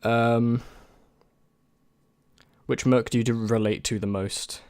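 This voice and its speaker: A man's voice: mid-range voice, little pitch movement, slow, darkish tone, smooth, no echo, studio quality. A young man and YouTube creator in casual chat, answering viewer questions in a rambling, hesitant way with many restarts.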